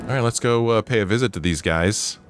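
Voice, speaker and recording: A man's voice: on the low side, a little fast, over music. A man giving casual, joking commentary while playing a game and reading its dialogue aloud. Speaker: let's play host.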